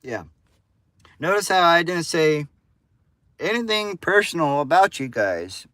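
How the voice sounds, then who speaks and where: A man's voice: on the high side, sing-song, unhurried, pushed and bright, no room sound. A man live-streaming, talking casually with his viewers in a profane, combative rant. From United States. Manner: profane, combative ranting at chat. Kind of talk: casual livestream chat with viewers.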